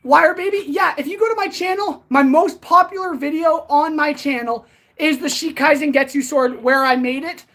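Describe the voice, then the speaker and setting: Between swings of a sword, a woman running a casual blacksmith livestream answers her viewers directly, a bit out of breath and chatty. Her voice is high-pitched and a bit bright, at a normal speed.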